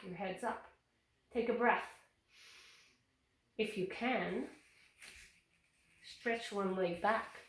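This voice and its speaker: A woman leads a yoga class for small children, calling out poses in a cheerful, encouraging way. Her voice comes from across an echoey room, caught by a camera mic some distance away. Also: mid-range voice. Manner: cheerful, encouraging step-by-step instructions. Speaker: yoga teacher.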